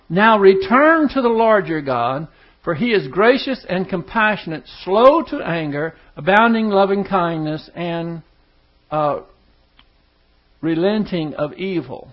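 A man preaching a sermon, teaching verse by verse and acting out the words of scripture with lively emphasis. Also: high-pitched, a little slow. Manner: animated, acts out scripture voices with emphasis. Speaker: pastor. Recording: dull lo-fi sound.

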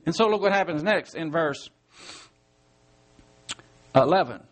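A man with a fairly high voice preaches a verse-by-verse Bible study. He keeps it conversational, often asks his listeners rhetorical questions and chuckles as he explains the text. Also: expressive, moderate pace, long pauses, a bit bright. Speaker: Bible teacher. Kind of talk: verse-by-verse sermon.

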